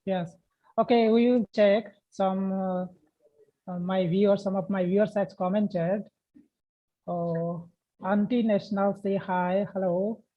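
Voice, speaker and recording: A woman hosting a live stream, reading viewer comments haltingly with many fillers. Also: medium pitch, steady tone. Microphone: video call. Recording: dull video-call audio.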